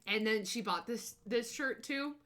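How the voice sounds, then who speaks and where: Bubbly and effusive, a young woman streamer chats about her travel photos and keeps bursting into excited squeals. She speaks a little high and at an unhurried pace.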